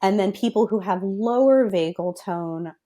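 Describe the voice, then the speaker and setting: A woman's voice: medium pitch, normal speed, dark tone. A young adult woman, a physical therapist guest on a podcast, explaining things step by step in a thoughtful, careful way.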